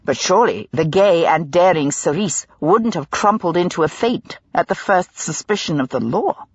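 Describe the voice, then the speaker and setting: Husky woman narrating dramatically. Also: lowish voice, normal speed, no echo, highs cut off. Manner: dramatic, expressive storytelling. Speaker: audiobook narrator. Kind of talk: scripted narration.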